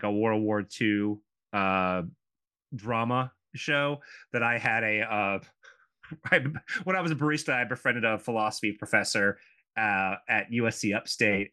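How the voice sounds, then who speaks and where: A man's voice: fairly low pitch, pushed and bright, smooth. A man in his thirties co-hosting a casual podcast, rambling through asides with lots of fillers. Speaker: podcast co-host. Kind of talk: casual chat.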